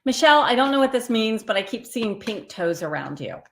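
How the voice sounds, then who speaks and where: A woman's voice: fairly high pitch, big pitch swings, brisk, a bit bright, echoey room. A woman hosting a live card reading, chatting and encouraging viewers by name. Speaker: tarot reader and live stream host.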